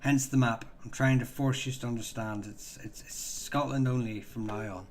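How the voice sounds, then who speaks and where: A man hosting a casual live stream, answering viewer questions in a halting way, full of ums and restarts, chatty and self-deprecating. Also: medium pitch, fairly even intonation.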